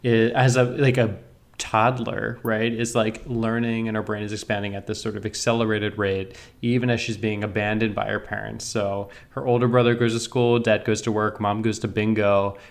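A man's voice: lowish voice, flat delivery, normal speed, vocal fry. A man co-hosting a casual podcast, thoughtful and analytical, hedging with fillers. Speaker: podcast co-host.

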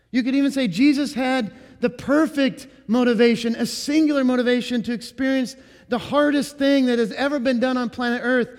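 A male pastor preaching an earnest sermon, slowing down and leaning into key words. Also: very high voice, in a large hall.

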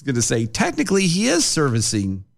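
A man's voice: mid-range voice, huge pitch swings, brisk, gravelly. A man co-hosting a casual talk show, reading out news items and making sarcastic jokes about them. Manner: sarcastic, joking, reads news quotes aloud. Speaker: podcast co-host.

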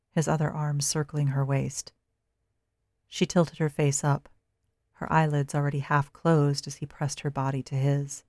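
A narrator reading a dark story in a steady, measured way. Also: mid-range voice, no room sound, studio quality.

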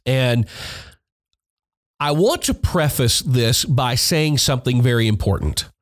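A man's voice: medium pitch, lively intonation, slow. Blunt, emphatic man lecturing. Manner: blunt, emphatic and repetitive, swears. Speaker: music industry podcast host. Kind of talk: instructional podcast monologue. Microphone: podcast mic.

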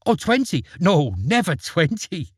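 A shrill, fiery storybook mother who scolds in rapid outbursts, put on by a man. The voice sits high and leaps all over, with a husky edge, in a dry, close sound. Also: big pitch swings, no room sound. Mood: eager. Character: shrill, scolding peasant mother, fierce-tempered.

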